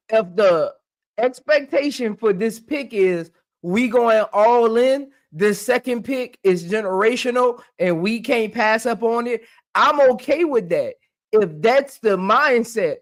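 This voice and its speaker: A woman co-hosting a casual sports debate, who argues her case with halting restarts and keeps repeating her point. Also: on the high side, animated.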